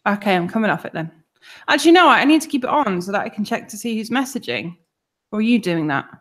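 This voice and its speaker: A woman's voice: mid-range voice, sing-song, fast talker, a bit bright. A woman co-hosting a casual live-stream chat, teasing her co-host and swearing casually.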